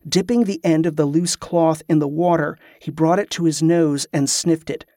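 A man reading an audiobook in a steady, even narrating voice. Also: on the high side, normal speed, no echo, studio quality. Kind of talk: scripted narration.

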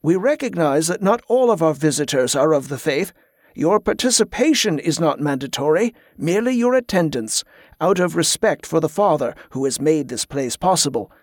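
A man voicing a formal, stately male monk who guards an abbey gate, speaking in a measured, ceremonious way. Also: fairly high pitch, lively intonation, no echo, studio quality.

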